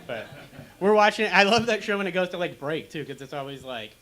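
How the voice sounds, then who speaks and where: Young guy doing standup in a little lounge, bright kinda high voice, dark deadpan jokes. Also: a little fast. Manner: dark deadpan jokes, acting out pained groans. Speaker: stand-up comedian. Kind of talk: stand-up comedy set. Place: small lounge stage with live audience.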